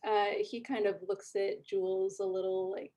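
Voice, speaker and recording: A woman's voice: mid-range voice, fairly even intonation, normal speed, warm tone. A woman narrating as game master in a tabletop game, chatty with many fillers.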